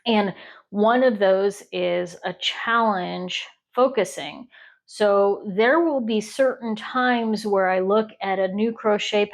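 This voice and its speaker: A woman from Ohio chats casually while she crochets, rambling and stopping to count stitches. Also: medium pitch. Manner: rambling and self-interrupting, pausing to count stitches. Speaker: crochet podcast host.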